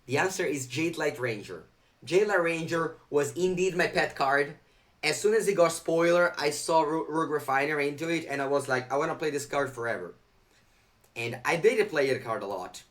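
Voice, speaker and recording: A man's voice: on the high side, moderate pace, fairly bright tone. A young man chatting live on a game stream, reading viewer chat aloud and answering it.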